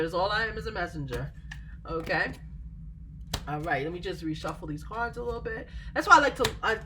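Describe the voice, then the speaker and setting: A woman's voice: mid-range voice, a bit bright, slight background noise. A woman giving a casual tarot reading to camera, chatty and reassuring, often laughing and trailing off with fillers. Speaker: tarot reader.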